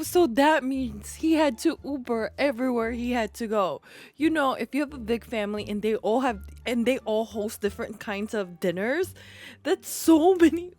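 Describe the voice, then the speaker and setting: A woman streaming, reacting to clips with expressive exclamations and laughter. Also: sits high. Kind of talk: casual reaction commentary.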